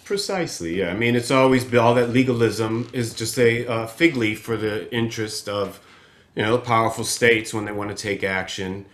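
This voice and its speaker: A man's voice: on the low side, normal speed, a bit bright. A man hosting a podcast interview, rambling and hesitant, chuckling as he talks. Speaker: podcast host. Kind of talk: casual interview talk.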